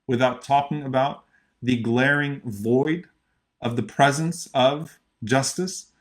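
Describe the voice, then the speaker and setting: A man with a mid-range voice delivers an earnest sermon for an online audience. He presses his points by repeating phrases. He breaks into rapid Arabic recitation, then translates it line by line. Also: medium pitch. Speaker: imam giving a khutbah. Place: virtual khutbah recording.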